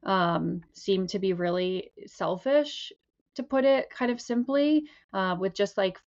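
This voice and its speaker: A woman's voice: mid-range voice, slow pace, darkish tone. A woman co-hosting a podcast as a clinician, talking in a hesitant, reflective way. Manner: hesitant, reflective, many fillers. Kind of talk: casual chat. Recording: dull lo-fi mic.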